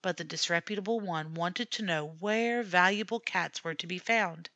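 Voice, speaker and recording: A woman reading a classic story aloud as an audiobook narrator, in a measured, steady way. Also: on the low side, dry recording.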